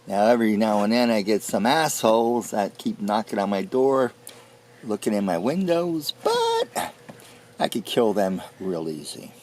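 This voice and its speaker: An actor playing a foul-mouthed, short-tempered recluse who talks in a threatening way. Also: male voice, lowish voice, wildly swooping pitch, a little slow, darkish tone, heavily acted. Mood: menacing. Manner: threatening, profane, growling. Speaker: interview subject in a mockumentary.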